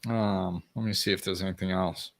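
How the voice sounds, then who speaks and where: A man's voice: deep voice, fairly even intonation, normal speed, vocal fry. Blunt, emphatic man giving a spiritual talk. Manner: blunt, emphatic, acts out quoted voices. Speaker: spiritual teacher, host. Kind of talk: live talk to listeners.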